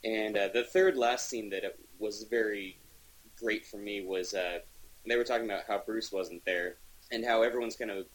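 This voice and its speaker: A man's voice: lowish voice, steady tone, moderate pace, breathy edge, low-quality recording. A man co-hosting a podcast, talking enthusiastically in a rambling casual way with many restarts. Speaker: podcast co-host reviewing comics. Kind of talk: casual chat.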